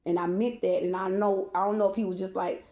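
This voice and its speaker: Woman, AAVE, emotional storytime vlogger; candid, profane, addresses viewers directly. Mellow tone, roomy echo. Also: medium pitch, flat delivery, fast. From Baltimore.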